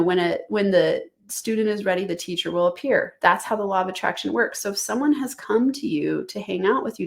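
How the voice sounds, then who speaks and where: A woman's voice: mid-range voice, creaky. A woman hosting her own business podcast, coaching listeners in an enthusiastic, conversational and emphatic way. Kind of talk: solo podcast teaching.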